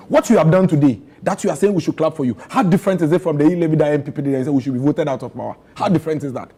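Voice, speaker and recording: A Ghanaian man with a Ghanaian accent pleads and argues in a heated political panel debate. His voice sits high and comes out husky. He hammers home points with repeated questions. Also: very fast, hardly any pauses, warm tone. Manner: impassioned, rising to pleading outrage.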